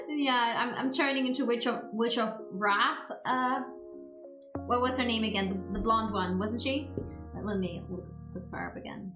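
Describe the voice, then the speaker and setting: Brief: high-pitched woman streamer, exasperated cursing rant, roomy sound with music underneath. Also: moderate pace. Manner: ranting, swearing, exasperated. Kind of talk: casual stream chat. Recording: roomy echo with background music. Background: background music.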